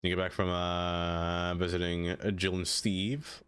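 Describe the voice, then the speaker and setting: Man, lowish voice, casual live-stream chat, rambling, talks to viewers by name, lots of "like". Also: little pitch movement, unhurried, a bit bright, clean tone. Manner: rambling, chatty, answers viewers by name, many "like" fillers. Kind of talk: casual live-stream chat while playing a city-building game.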